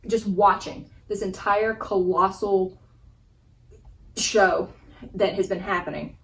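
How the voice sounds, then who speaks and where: A young woman vlogger telling a funny personal story in a casual, animated way, laughing as she goes. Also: mid-range voice, slow pace, distant mic, poor audio. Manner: animated, laughing, acts out gestures. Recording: voice a bit off-mic with faint background ambience.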